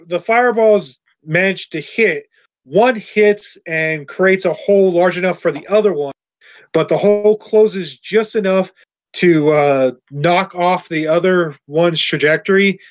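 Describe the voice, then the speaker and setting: A man running a tabletop game as game master, narrating scenes and calling for rolls. He halts and searches for words often, with a fairly high voice. The sound is muffled and lo-fi. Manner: halting, searching for words mid-sentence.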